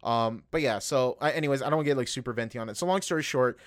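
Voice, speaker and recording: A man's voice: medium pitch, quick pace, dry recording. A young man hosting a podcast, talking in a rambling, profane way with lots of fillers as he vents about his work. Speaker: podcast host. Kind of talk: casual podcast chat.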